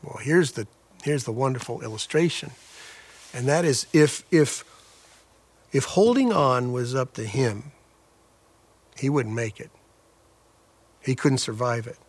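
A man's voice: mid-range voice, measured pace, pauses often, slightly rough. A man preaching a sermon as a pastor, earnest, with a repetitive cadence that rises and falls in intensity.

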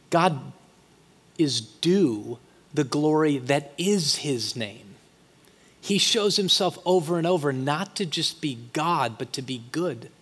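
A man preaching a sermon as pastor, talking conversationally and swinging from quiet asides to loud, emphatic peaks. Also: a little high. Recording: long hall reverb.

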